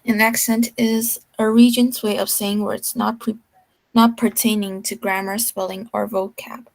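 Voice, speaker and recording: A woman's voice: medium pitch, little pitch movement, a little slow, creaky, no echo, low-quality recording. Young woman reading aloud in class. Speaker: student.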